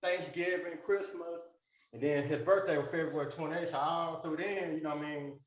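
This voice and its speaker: Telling his story to a support group, a man rambles on at length with many fillers, voicing the dialogue he recounts. His voice is on the high side with fairly even intonation and normal speed, and the sound is roomy.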